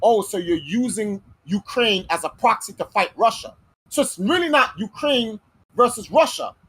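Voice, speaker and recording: A woman's voice: medium pitch, animated, moderate pace, fairly bright tone, breathy edge, low-quality recording. A woman hosting a podcast in casual chat, talking bluntly and heatedly with plenty of swearing. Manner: heated, blunt and profane, arguing a point. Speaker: podcast host.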